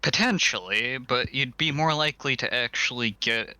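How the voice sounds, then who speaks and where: A man in a tabletop role-play game who narrates his character's actions in the third person. His voice is very bright and smooth. It is recorded dry and close. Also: mid-range voice, moderate pace, no echo. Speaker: player.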